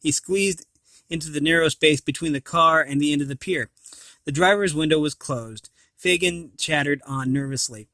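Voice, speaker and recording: A man's voice: fairly high pitch, moderate pace, no echo. A man reading a children's storybook aloud, with the odd slip and restart. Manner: animated reading, occasional slips and restarts. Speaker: storybook reader.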